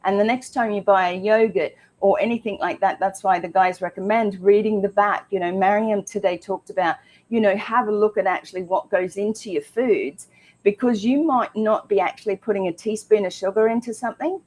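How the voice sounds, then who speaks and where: A woman's voice: mid-range voice, a little fast, a little mellow. A woman co-hosting a casual health talk show, chatty and emphatic with frequent ums. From Australia.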